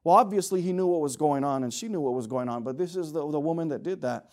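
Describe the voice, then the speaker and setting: A middle-aged man preaching a sermon, swinging from loud urgent exhortation to low joking asides with the congregation. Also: fast talker.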